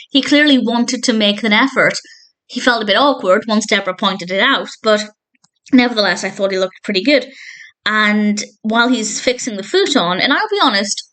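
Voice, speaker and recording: Woman giving a thoughtful TV review. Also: a little high. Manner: thoughtful, warmly enthusiastic retelling with frequent self-corrections. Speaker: film and TV reviewer. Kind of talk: casual spoken episode review.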